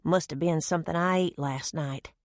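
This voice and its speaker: A woman's voice: low voice, normal speed, no echo, lightly acted. A woman voicing a folksy old grandmother who swears by herbal remedies, with homespun phrasing, in a dry close recording.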